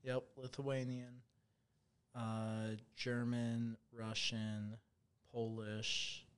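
A man hosting a casual podcast chat, talking loudly and rambling with lots of swearing and filler. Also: mid-range voice, flat delivery, drawn-out words, smooth. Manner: loud, rambling, swears freely. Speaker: podcast host.

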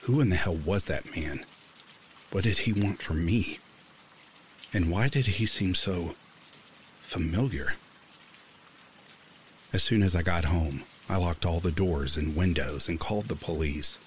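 Guy with a really low voice telling creepy stories, calm and steady, faint rain behind. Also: a little slow, long pauses, slight background noise. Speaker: horror story narrator. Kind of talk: creepy story narration.

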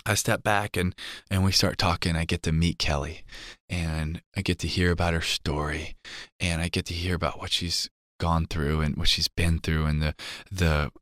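A man telling a heartfelt personal story as an interview guest, earnest and emotional, sometimes dropping to a hushed voice. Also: low-pitched, fairly even intonation, normal speed, hardly any pauses, dry recording, studio quality. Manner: earnest, emotional, drops to a hushed voice for tender moments.

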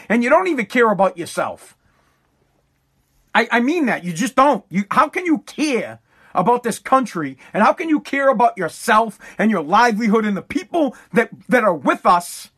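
A man's voice: extremely high pitch, fairly bright tone. A man hosting a podcast, delivering a heated political rant in a profane, emphatic way and repeating words when worked up. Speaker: podcast host.

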